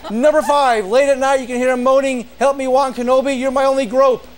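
A man's voice: very high voice, fairly even intonation, fairly quick, some chatter behind. A man hosting a talk show, reading out a comic top-ten list and then introducing a guest, often laughing at his own jokes.

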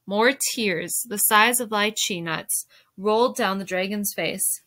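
A woman teacher reading a storybook aloud to a class in steady narration. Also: mid-range voice, a little slow, hardly any pauses.

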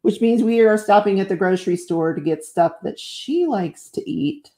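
A woman's voice: medium pitch, expressive, moderate pace, dark tone. Middle-aged woman, livestream host, casual crafting chat, effusive, exclaims a lot, greets viewers. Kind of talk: casual live-stream chat while crafting.

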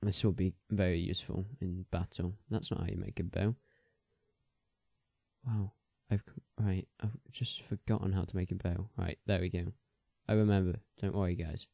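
A man's voice: low voice, flat delivery, normal speed, vocal fry, darkish tone, no echo, clean studio sound. A young man chatting casually as he plays a game, rambling with many ums and restarts. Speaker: gaming video host.

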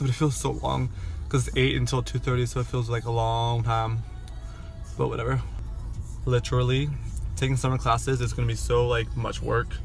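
A man's voice: mid-range voice, creaky. A young man in his twenties, a college student vlogging in a chatty, upbeat way and talking straight to his viewers. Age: 20s. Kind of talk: casual vlog chat.

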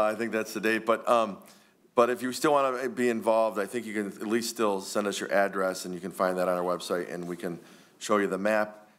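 A man giving rambling, friendly remarks with many fillers at a township board meeting. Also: sits low. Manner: warm, rambling, many ums.

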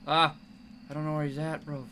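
A young man giving jumpy commentary while playing a horror game, yelling at the monster chasing him. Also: on the high side, flat delivery, a little fast, a little hiss or hum. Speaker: gamer.

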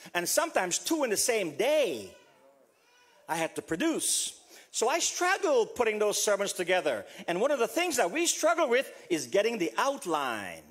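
A man from South America preaching a funeral sermon as pastor, repeating a refrain softly and building to emphatic passages. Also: breathy edge. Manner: repeats a refrain, dropping to a soft low voice.

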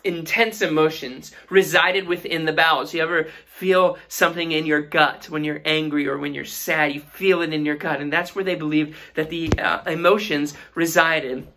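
A woman's voice: sits low, steady tone, normal speed, hardly any pauses, a bit bright. A woman teaching a Sunday school Bible lesson in an earnest way, asking her listeners questions.

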